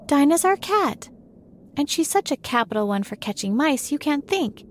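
Woman doing polite young girl Alice, high bright voice, eager, storybook reading. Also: very animated, fairly quick, slight background noise.

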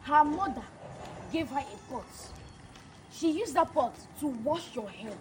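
A woman's voice: high-pitched, animated, a little hiss or hum, rough recording. A woman playing a stern young prophet. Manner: slow, solemn pronouncements. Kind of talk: skit drama acting.

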